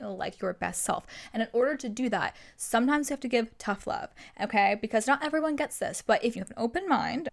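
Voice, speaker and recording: Young female wellness podcaster, slightly high voice, blunt and encouraging, tough-love pep talk style. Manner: direct tough-love pep talk, addresses listener as girl. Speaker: podcast host. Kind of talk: motivational self-help talk.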